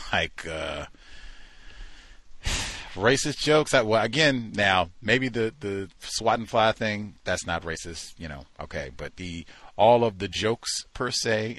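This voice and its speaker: A man's voice: on the low side, fairly bright tone, dry recording. A man hosting a talk show, giving incredulous, mocking commentary and acting out the people he quotes. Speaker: host.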